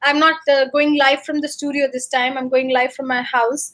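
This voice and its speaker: A woman with a high voice chats casually on a livestream from her room at home. She reads out viewer comments and answers them in an upbeat, rambling way, with plenty of ums and uhs. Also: little pitch movement, moderate pace, fairly bright tone. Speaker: bagpiper hosting a livestream.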